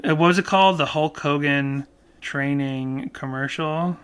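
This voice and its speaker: Male podcast co-host, bright and fairly high, casual and animated, laughs easily. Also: unhurried, smooth. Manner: animated, laughs often, loose run-on thoughts. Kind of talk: casual chat about music.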